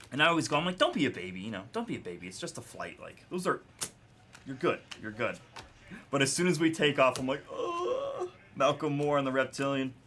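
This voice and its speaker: Opening cards on a live break, this young man speaks in a mid-range voice with a sharp tone. He's a chatty storyteller who laughs frequently and calls out names as cards come up.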